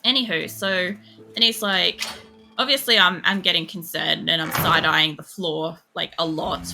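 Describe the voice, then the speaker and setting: A woman's voice: on the low side, creaky, pushed and bright. A young woman streams a game, rambling through stories with a lot of swearing and laughter. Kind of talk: casual live-stream chat while playing.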